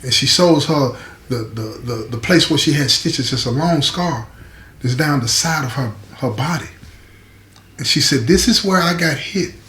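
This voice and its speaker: A man's voice: medium pitch, unhurried, a bit bright. Man spinning a street story, roomy echo. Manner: conversational, repeats phrases, asks listener "you understand?". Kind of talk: casual oral storytelling. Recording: echoey room.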